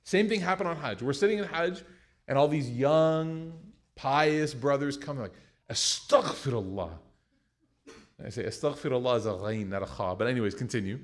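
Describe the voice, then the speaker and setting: A man's voice: medium pitch, a little fast. An American man teaching a class, talking casually and retelling stories with jokes. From United States. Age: young adult. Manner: conversational, joking, animated retelling. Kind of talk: class lecture with storytelling.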